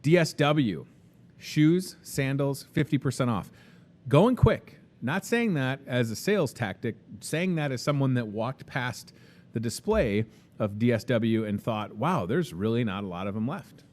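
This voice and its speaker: A man's voice: mid-range voice, lively intonation, a little slow. A young man with a Midwestern American accent hosting a casual store promo, chatty and upbeat with joking sales patter. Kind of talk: casual live promo talk.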